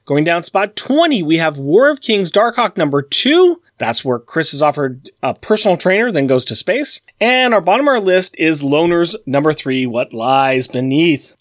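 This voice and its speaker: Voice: medium pitch, no echo, clean studio sound. A podcast host leading casual chat in a playful, mock-formal way and running the show's segments.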